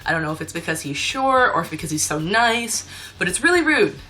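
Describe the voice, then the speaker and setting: A woman's voice: on the low side, very animated, a little fast, pushed and bright, faint music behind. A young woman telling a story in a casual vlog, chatty and ranting with laughs. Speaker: cosplayer and convention staff.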